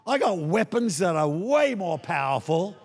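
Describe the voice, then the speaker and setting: Animated older male preacher, big hall echo. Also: sits high, unhurried. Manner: animated, acts out voices, shouts for emphasis. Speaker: pastor. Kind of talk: sermon.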